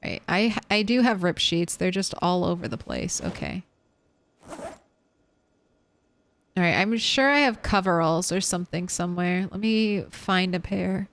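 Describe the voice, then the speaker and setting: A woman's voice: fairly low pitch, lively intonation, unhurried, pauses often, fairly bright tone, a little hiss or hum. A young woman streaming a game, chatting casually as she plays, rambling between topics and swearing freely. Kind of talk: casual gameplay chat.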